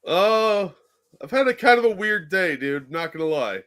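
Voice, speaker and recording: A man's voice: sits high, expressive, normal speed, a bit bright. A man co-hosting a podcast, telling a rambling, self-deprecating story in casual chat. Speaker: co-host.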